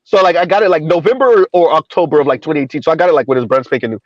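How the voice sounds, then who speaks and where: A fairly high-voiced man hosts a live stream, talking loosely and circling back over his own points. The sound is dull and lo-fi, very dry and close, with no room around him. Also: dry recording. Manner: rambling, repeats himself, quick asides. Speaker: streamer host. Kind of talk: casual chat on a live stream.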